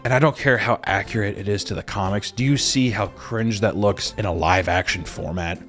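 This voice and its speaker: Animated, profane man ranting. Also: mid-range voice, fairly quick, hardly any pauses, soft background music. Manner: profane, exasperated, mocking impressions. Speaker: commentator. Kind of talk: casual rant.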